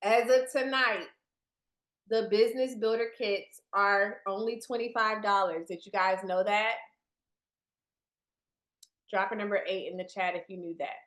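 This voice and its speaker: A chatty woman runs a business training session over a video call and talks straight to her audience. Her voice sits at a medium pitch. The room around her sounds roomy and echoey. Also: fairly even intonation, a little slow, long pauses, fairly bright tone. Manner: chatty, addresses the audience directly. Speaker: team leader presenting to new distributors.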